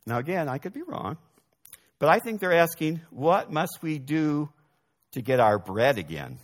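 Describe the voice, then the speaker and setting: A man preaching a sermon, moving between loud emphasis and soft, quiet asides. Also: fairly high pitch, very animated, normal speed. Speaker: pastor.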